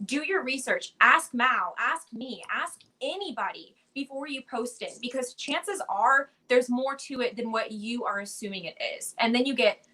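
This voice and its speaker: A woman's voice: a little high, lively intonation, moderate pace, few pauses, pushed and bright, rough recording. A woman talking casually on a live stream, outspoken and indignant, firmly telling people to check their facts.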